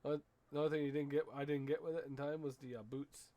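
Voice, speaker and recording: A man's voice: fairly high pitch, steady tone, fast talker, dull audio. A man streaming a game in casual commentary, chatting playfully to the characters on screen with lots of little exclamations.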